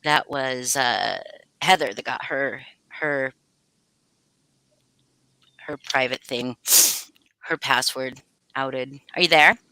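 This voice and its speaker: A woman's voice: a bass voice, slow pace, pauses often, bright, forceful tone, no echo. A woman hosting a casual livestream, greeting chat names and swearing freely. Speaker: livestream host.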